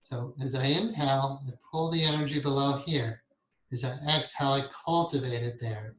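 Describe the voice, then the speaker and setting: A man teaching a guided meditation lesson, talking calmly and softly and chuckling often as he explains and counts breaths. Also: medium pitch, normal speed. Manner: calm, soft-spoken, chuckles often. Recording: echoey room.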